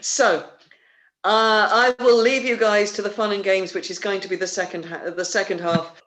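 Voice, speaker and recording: With little pitch movement, this man's high, somewhat bright voice runs at normal speed. He hosts an online theatre livestream via video call, making relaxed announcements that drift, restart, and fill gaps with filler words.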